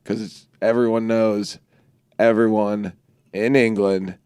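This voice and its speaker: A lower-voiced man co-hosting a loose podcast, tossing in short, dry and blunt quips with plenty of swearing. His voice is close and dead, with no room sound around it. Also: flat delivery, slow, darkish tone, smooth, dry recording. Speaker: podcast co-host. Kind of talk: casual livestream chat.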